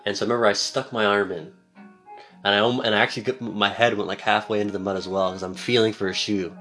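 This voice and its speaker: A young man co-hosting a casual chat, telling a long story in a relaxed, rambling way and acting out the quotes. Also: on the low side, fast, faint music behind. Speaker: podcast co-host.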